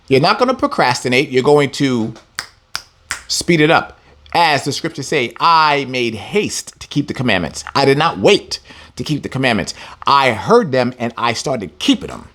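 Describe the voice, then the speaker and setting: A man giving a casual scripture lesson, talking in an animated, slangy and emphatic way. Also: fairly high pitch. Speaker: Bible teacher.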